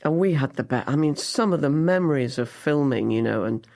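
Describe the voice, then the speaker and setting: Older woman telling lively anecdotes. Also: very deep voice, brisk. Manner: animated anecdotes with frequent laughter. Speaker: guest actress. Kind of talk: podcast interview.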